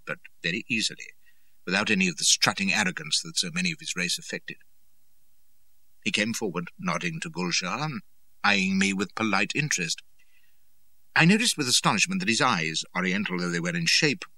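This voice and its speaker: Expressive male audiobook narrator. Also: deep voice, a little fast, no room sound. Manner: expressive, dramatic storytelling. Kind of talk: scripted first-person narration.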